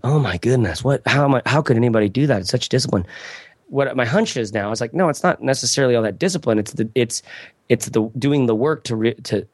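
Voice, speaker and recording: A man's voice: medium pitch, dry recording, studio quality. A middle-aged man talking casually as a podcast guest, rambling and often restarting his sentences. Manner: rambling, self-interrupting, frequent restarts. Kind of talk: casual conversation.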